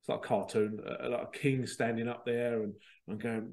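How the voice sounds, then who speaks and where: In a casual, digressive podcast monologue, the male host ridicules others by putting on voices. He speaks at a moderate pace with a medium pitch that barely moves and a darkish tone.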